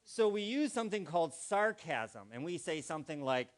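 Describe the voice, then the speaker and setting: Lively, high-pitched man addressing a congregation. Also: moderate pace. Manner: playful, acts out vocal inflections and quizzes the audience. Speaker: guest speaker at a spiritual community gathering. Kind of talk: interactive talk to a live congregation.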